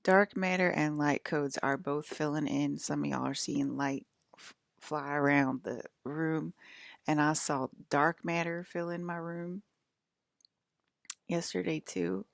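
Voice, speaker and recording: A woman vlogger in her thirties, from the US East Coast and carrying its accent, talks casually and meanders with her viewers. She laughs often and at times drops to a whisper. Her low-pitched voice has vocal fry, a steady tone and a measured pace, and the recording is dry.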